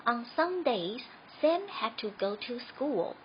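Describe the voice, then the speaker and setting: A woman reads a children's story aloud at a slow, gentle pace. Her voice sits a little high. The recording is slightly dull, with faint hiss beneath it. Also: very animated.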